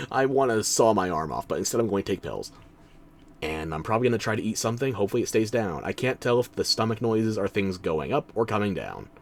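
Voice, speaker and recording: A man's voice: lowish voice, sing-song, quick pace. A tired man streaming a video game, talking in a sardonic, theatrical way. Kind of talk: game commentary.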